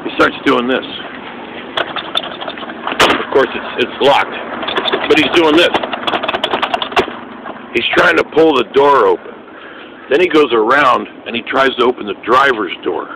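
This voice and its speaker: A man's voice: mid-range voice, a little slow, pauses often, heavy background noise. A man angrily telling his own complaint outdoors beside his parked car, profane and rambling. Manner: indignant, profane, rambling with restarts. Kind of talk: angry rambling monologue.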